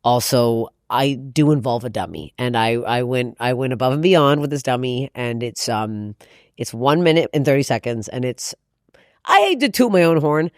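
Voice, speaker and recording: A woman comedian chatting as a podcast guest, loud and quick to swear and laugh. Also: a bass voice, no room sound, clean studio sound. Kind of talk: casual podcast chat.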